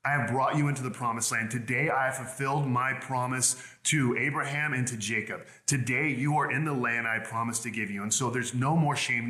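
A man's voice: mid-range voice, pushed and bright, roomy sound. A man preaching a sermon in an earnest way, often repeating words as he builds his points. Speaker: pastor.

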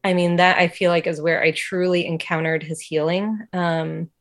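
A woman with a slightly low voice tells a personal faith testimony in an interview. She talks casually and earnestly, with many "like" fillers. Her delivery is emotional and open. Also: fairly even intonation, moderate pace. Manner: casual, heavy use of "like" fillers. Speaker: interview guest.

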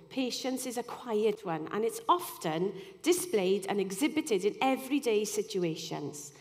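A woman giving an earnest, conversational sermon, dotted with "you know" asides. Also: medium pitch. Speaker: speaker giving a devotional talk. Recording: long hall reverb.

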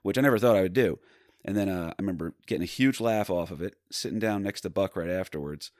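A man's voice: low voice, fast, darkish tone, no room sound, studio quality. A man from New Jersey, a stand-up comedian guest on a podcast, rambling through self-mocking stories. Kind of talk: casual chat.

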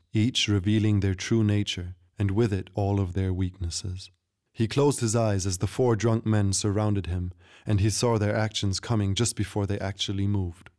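A man narrating a story in a measured, steady storytelling delivery. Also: on the low side. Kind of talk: scripted narration.

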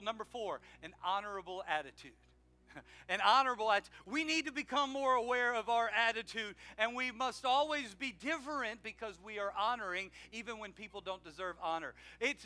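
A man preaching an animated sermon in church, drawing call-and-response from the congregation. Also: extremely high pitch. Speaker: pastor. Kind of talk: energetic sermon with announcements. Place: church sanctuary.

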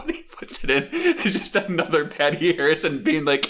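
A man's voice: on the high side, very animated, brisk, hardly any pauses, fairly bright tone. A man co-hosting a casual chat, telling stories animatedly and acting out quotes in silly voices. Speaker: podcast co-host.

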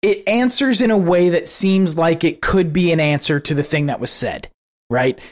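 Dude co-hosting a podcast, excitable, laughs a lot, swears casually. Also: male voice, fairly high pitch, normal speed. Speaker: podcast co-host. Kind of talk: casual chat.

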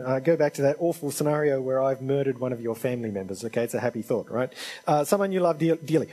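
A man's voice: on the high side, darkish tone, breathy edge, low-quality recording. A man preaching a sermon in an earnest, conversational and pleading manner.

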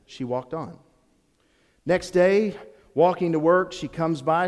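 A man's voice: a little high, normal speed. A man preaching a sermon, telling a story with animation and speaking straight to the congregation. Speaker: pastor. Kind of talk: sermon with a told joke. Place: church sanctuary. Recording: echoey hall.

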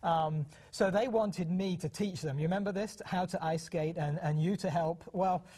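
Husky-voiced British man, chatty. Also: high-pitched, normal speed, warm tone. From United Kingdom. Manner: chatty, hesitant restarts, acts out quoted voices. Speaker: co-host, parenting program. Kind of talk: casual television talk.

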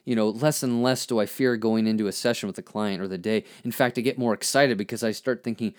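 A man hosting a podcast, reflecting earnestly on his own poem in a halting way, with many restarts and fillers. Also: mid-range voice, a little mellow. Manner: earnest and searching. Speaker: podcast host and therapist.

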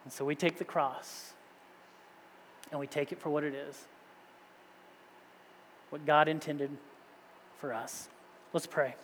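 A man's voice: on the high side, steady tone, takes it slowly, long pauses, a bit bright, slight background noise. A man in his thirties, a pastor, preaching a sermon with rising rhetorical questions. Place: church sanctuary. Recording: long reverb of a large hall.

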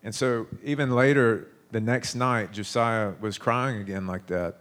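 At a measured pace, a man who sounds thirtyish preaches with a relaxed, chatty feel. His voice is a touch low, and his storytelling halts and resumes as he goes.

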